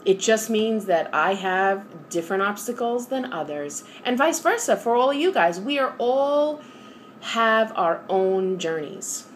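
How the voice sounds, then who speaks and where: Middle-aged woman, New York accent, candid motivational vlog talk, mid pitch, faint noise behind. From New York area. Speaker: vlogger. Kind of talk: personal vlog monologue.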